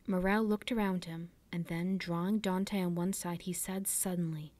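A woman reading a classic novel aloud for a library storytime, with measured, clear narration. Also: on the low side, fairly even intonation, darkish tone.

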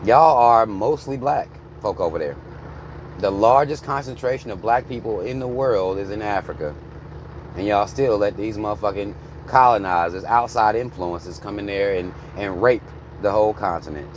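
A man's voice: lowish voice, moderate pace, a little hiss or hum. An American man in his thirties, bluntly ranting on a vlog with heavy swearing from inside a car. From United States. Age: 30s. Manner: heated, blunt, swearing freely. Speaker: vlogger. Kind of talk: profane ranting commentary.

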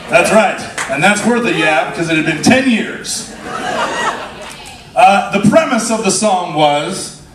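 A male musician introducing his song to a live audience in a dry, wry, deliberate way, with lots of hesitations. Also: high voice, expressive, crowd noise, noisy background. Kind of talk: live stage banter. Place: live show on a cruise ship. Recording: echoey live room, distant mic.

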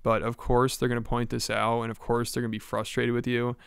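A man's voice: mid-range voice, completely flat delivery, fairly quick, creaky, clear, resonant tone, no room sound, studio quality. A man giving casual video commentary in a matter-of-fact, critical way.

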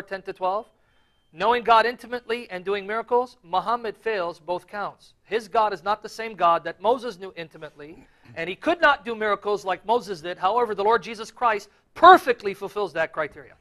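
A man giving earnest, emphatic religious debate commentary, often clearing his throat. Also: sits high, a little fast, pushed and bright.

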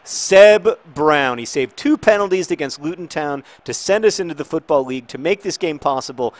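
A man in his thirties hosting a video, talking casually and haltingly with many fillers and restarts while playing a football game, now and then breaking into excited outcries. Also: on the high side, no echo. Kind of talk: casual talk over gameplay.

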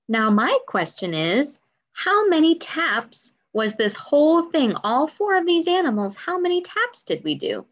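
A woman teaches young children music over video, stretching words into slow, bouncy syllables. Her voice sits a little high and leaps up and down, kept unhurried for little listeners. The audio is a bit dull, like a simple camera mic. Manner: sing-song, drawn-out syllables, encouraging questions.

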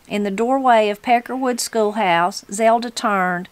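A woman from Southern Appalachia reading a novel aloud in an unhurried way, gently voicing the characters. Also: medium pitch, no echo. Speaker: reader of a book.

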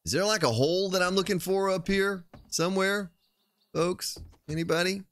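A man's voice: sits high, normal speed, a bit bright. A man streaming a survival game live, chatting casually and playfully joking with his chat while he plays.

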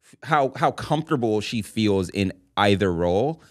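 A man co-hosting a podcast, talking about movies in a rambling, halting way with casual swearing. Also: on the low side, animated, no echo, clean studio sound. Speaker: podcast co-host.

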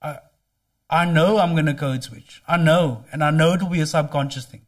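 A man's voice: on the high side, moderate pace. A man from South Africa with a Cape Town accent, a podcast guest speaking thoughtfully with hesitant restarts. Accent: Cape Town South African English. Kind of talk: casual conversation.

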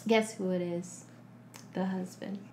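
A woman's voice: fairly low pitch, fairly even intonation, unhurried, mellow, echoey room, slight background noise. A woman co-hosting a casual podcast, animatedly recapping a movie, laughing often and acting out the characters. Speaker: podcast co-host.

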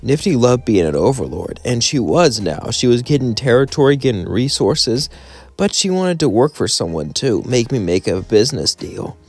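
A man's voice: mid-range voice, big pitch swings, normal speed, slightly rough, faint music behind. A young man telling a fan story in a rambling, casual way. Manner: rambling, run-on sentences.

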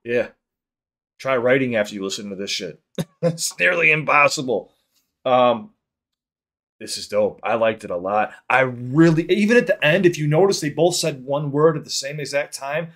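A man hosting a music reaction video, talking casually in an excitable, rambling way and swearing freely. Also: mid-range voice, moderate pace.

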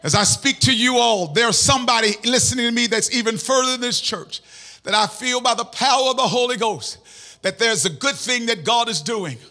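A man preaching a sermon as pastor in a church, impassioned, shouting and half-singing phrases. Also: extremely high pitch, moderate pace.

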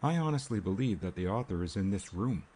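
A man doing a small, fact-obsessed investigator in a read-aloud mystery, blunt and emphatic. His delivery is direct and sure. The voice sits low and husky. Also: animated, brisk, dark tone.

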